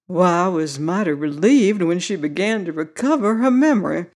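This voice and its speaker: A reader voicing a young Southern cowboy who teases an old man with gentle, straight-faced mock concern. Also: mid-range voice, moderate pace, close to an everyday voice. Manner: gentle, solicitous, deadpan teasing. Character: young Southern cowboy, twenty-four, teasing with mock gravity. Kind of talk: audiobook character voice.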